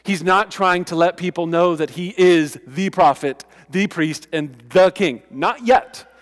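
Pastor, man, slightly high voice, conversational emphatic sermon, long hall reverb. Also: unhurried. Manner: conversational, emphatic preaching with asides.

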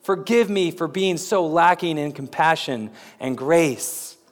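A man's voice: on the high side, unhurried, in a large hall, lightly acted. A man voicing a despairing prophet who pleads with God in an anguished lament. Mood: repentant pleading.

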